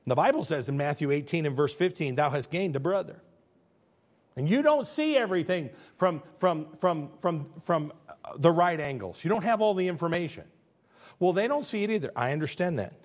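A middle-aged male preacher giving a sermon, rising to loud emphatic points and dropping to near-whispers, quoting scripture in old-fashioned wording. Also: fairly high pitch.

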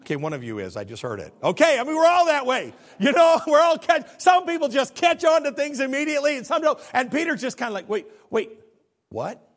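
A middle-aged male pastor delivering a lively sermon. His voice sits high and leaps between low, hushed stretches and excited peaks. He slips into quick acted bits of biblical figures as he preaches.

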